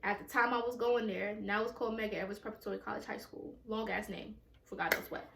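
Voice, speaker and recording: A woman's voice: mid-range voice, steady tone, fast, gravelly, echoey room, background noise. A woman telling a personal story time at home, in a raw, emotional, profane way with many repetitions. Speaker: vlogger.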